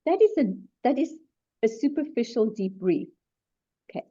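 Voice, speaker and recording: A middle-aged woman, a psychologist giving a webinar talk in an animated, emphatic way with self-deprecating asides. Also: a little high, moderate pace. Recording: dull lo-fi webinar audio.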